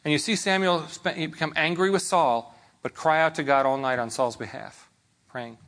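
A man with a somewhat high, fairly bright voice preaches a sermon at a moderate pace. His delivery is conversational, and he often checks in with his listeners.

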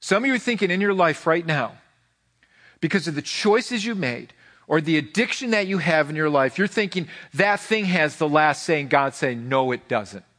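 A man's voice: a little high, animated, moderate pace, fairly bright tone. A man preaching a sermon as pastor, impassioned, with lots of repeated phrases and restarts. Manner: impassioned, repeats phrases, voices God in quotes.

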